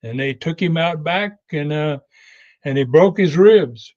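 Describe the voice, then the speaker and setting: A man's voice: a little high, expressive, darkish tone, highs cut off. Older man spinning a rambling yarn. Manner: unhurried, many fillers and restarts. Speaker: wrestling legend guest. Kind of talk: rambling anecdotal storytelling.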